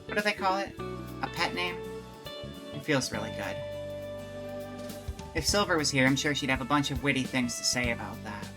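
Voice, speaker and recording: With music playing underneath, the streamer's mid-range voice is expressive and moderately paced, broken by long pauses. The talk mixes candid viewer chat with a visual novel read-through, delivered in a rambling, restart-heavy way.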